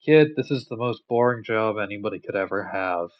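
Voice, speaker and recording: A man voicing a bored, sassy male doorman for the gods, talking in a weary, deadpan drawl. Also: on the low side, brisk, dull audio, lightly acted.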